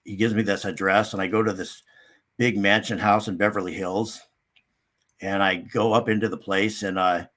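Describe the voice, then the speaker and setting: Speaking at a normal speed with fairly even intonation and a fairly bright tone, an older male guest rambles through a story in a relaxed interview. He voices other people's quotes by abruptly raising his pitch.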